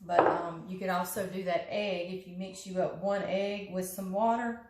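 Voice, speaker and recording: A woman's voice: fairly low pitch, steady tone, normal speed, reverberant, heavy background noise. A woman with a Southern accent, hosting a home cooking show in casual, folksy chat and laughing often. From Louisiana. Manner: chatty, folksy, laughs often, calls food "him". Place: home kitchen.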